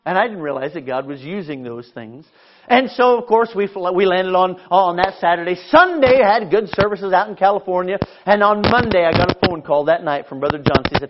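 A man's voice: high-pitched, animated, brisk, muffled recording, noisy background. A male pastor preaching a storytelling sermon with self-mocking humor, often stammering and restarting his phrases. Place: church sanctuary.

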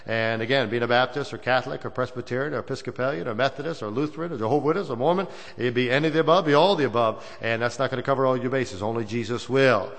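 A man's voice: medium pitch, very fast, few pauses, a bit bright. A man preaching a sermon to a church congregation, in a folksy, rambling way that circles back on its phrases. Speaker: Baptist preacher. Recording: long reverb of a church hall.

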